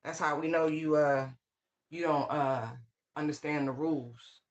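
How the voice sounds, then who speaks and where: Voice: medium pitch, steady tone, unhurried, dull audio. A tarot reader giving a casual channeled reading, full of slang and swearing, who scolds with sassy call-outs and repeated phrases. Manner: slang-heavy, swears freely.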